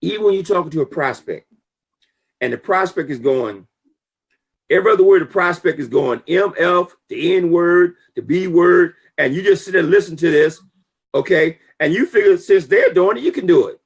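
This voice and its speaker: A man talking casually and emphatically about business conduct, preachy and full of lively storytelling. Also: high voice, normal speed, breathy edge. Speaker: network marketing talk show guest. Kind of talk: casual motivational talk.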